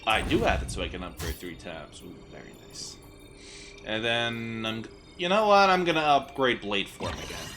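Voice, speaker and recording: A man giving casual, jokey gameplay commentary as a gaming streamer, excitable and swearing freely, with game music behind him. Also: medium pitch, normal speed, background noise.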